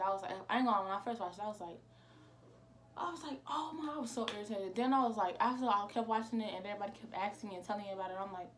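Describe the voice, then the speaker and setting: Teen girl, casual storytime, lively quoting. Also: medium pitch, slight background noise. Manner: animated retelling with quoted dialogue. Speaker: vlogger.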